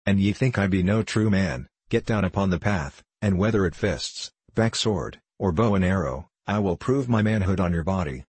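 Deep, husky man reading a brash young woodsman from an old storybook, blunt and boastful. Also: expressive, normal speed, few pauses, a little mellow, no echo. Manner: blunt, boastful, archaic speech. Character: bold, blunt young forester lad.

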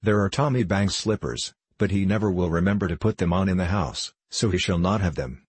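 A man voicing a warm, cheerful, motherly woman with a brisk, kind way of speaking. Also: sits low, slightly rough, no room sound.

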